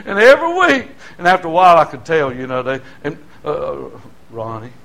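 A man's voice: a little high, brisk, gravelly. Folksy man preaching a testimony. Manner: folksy storytelling, swings from quiet to shouting. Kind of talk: sermon testimony.

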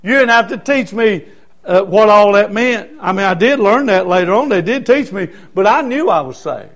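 A man preaching a sermon as a personal testimony, in a folksy way, going from soft, quiet stretches to loud shouted peaks. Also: sits high, lively intonation, normal speed.

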